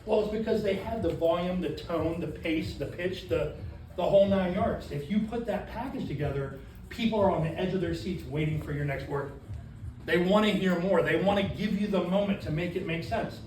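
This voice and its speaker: A man running a classroom training session as a sales trainer, talking in an animated way and tossing questions to the group. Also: sits high, normal speed, slight background noise. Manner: animated, asks the room questions. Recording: echoey room from far off.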